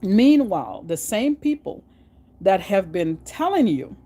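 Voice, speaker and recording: A middle-aged woman from Guyana with a Guyanese accent, chatting to her vlog audience in an animated, storytelling way with frequent restarts. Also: medium pitch, measured pace. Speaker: vlogger. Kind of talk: casual monologue.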